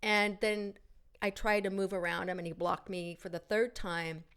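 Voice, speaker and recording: A woman's voice: mid-range voice, steady tone, normal speed, fairly bright tone, smooth. A middle-aged woman co-hosting a casual chat and telling a story with many fillers and restarts. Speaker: podcast co-host.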